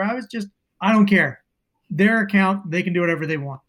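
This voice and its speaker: A man's voice: high voice, fairly quick, a bit bright. A Canadian man giving blunt, emphatic political commentary in a casual podcast debate.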